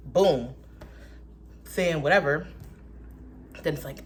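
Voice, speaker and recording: A young woman vlogging a casual faith monologue, candid and profane, with animated asides and quick voice-switching quotes. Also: on the low side.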